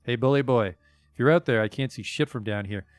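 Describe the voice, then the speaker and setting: A man doing a loud crude voice from a belly. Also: mid-range voice, a little fast, dry recording, close to an everyday voice. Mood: crude taunting. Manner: loud, vulgar and taunting. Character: crude male voice shouting from a woman's belly.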